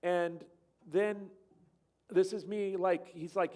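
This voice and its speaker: A man with a slightly high voice tells a travel story to a church gathering over slides. He rambles from point to point and slips into the voices of the people he quotes. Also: fairly even intonation, slow pace, darkish tone. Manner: rambling, acts out quoted dialogue. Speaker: church speaker.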